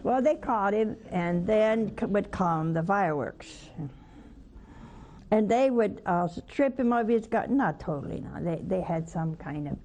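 A woman's voice: mid-range voice, animated, a little slow, mellow, a little hiss or hum. A woman, a religious sister, preaching a spiritual talk in a folksy storytelling way, with rhetorical questions to her listeners. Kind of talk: homily-style spiritual talk.

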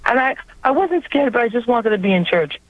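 A woman with a New York accent calling in to tell a personal faith story in an earnest, quick, conversational way. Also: fairly high pitch, animated, no room sound. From Long Island, New York. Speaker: caller. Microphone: telephone. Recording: tinny phone line.

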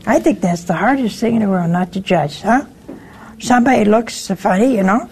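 A nun hosting a call-in show speaks in a mid-range, creaky voice at a moderate pace over a noisy background. She talks casually with callers about spiritual things, spinning folksy forgiveness stories and voicing the characters in them.

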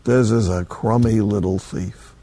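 Older man, priest, sermon, folksy and emphatic, slow pace, dry sound. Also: fairly low pitch, fairly even intonation, mellow, dry recording. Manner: folksy, emphatic preaching with colloquial asides. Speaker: Catholic priest.

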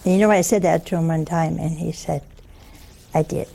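Gravelly, mellow-voiced woman preacher, folksy sermon storyteller, faint hiss behind. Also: deep voice, fairly even intonation. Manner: folksy, humorous, slow and emphatic. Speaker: religious preacher.

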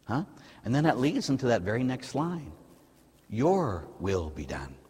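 A man, a Catholic priest, giving a conversational sermon in a church, preaching lively and asking his listeners rhetorical questions. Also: mid-range voice, measured pace, husky, in a large hall.

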